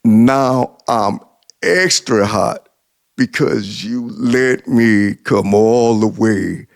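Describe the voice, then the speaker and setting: A man with a low, gravelly voice tells a story straight to his viewers. He chuckles as he talks and circles back on his words for emphasis. The sound is close and dry, with no room echo. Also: very slow. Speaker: vlogger. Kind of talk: storytelling to the camera.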